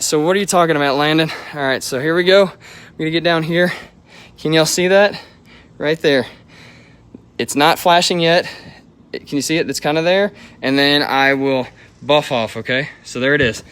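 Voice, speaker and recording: Filmed on a phone camera outdoors in the hot sun, an auto detailer gives a live how-to demonstration, out of breath from the heat and checking in with viewers as he coaches them through each step. His voice is a little high and a bit bright, with a roomy sound from the distant mic.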